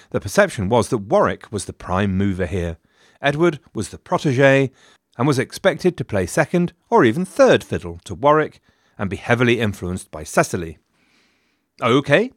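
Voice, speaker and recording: A man's voice: on the low side, dry recording, clean studio sound. A man hosting a history podcast, reading a scripted narration with wry, sarcastic asides.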